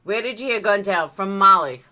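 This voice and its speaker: At a moderate pace and medium pitch, a woman streaming live gives relaxed commentary as news comes in, her voice pushed and bright.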